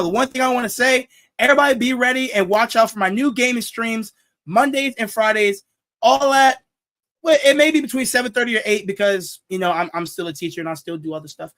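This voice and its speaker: A man's voice: extremely high pitch, a bit bright. A young man hosting a casual sports talk show, joking, laughing at his own jokes and repeating himself as he talks. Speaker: show host.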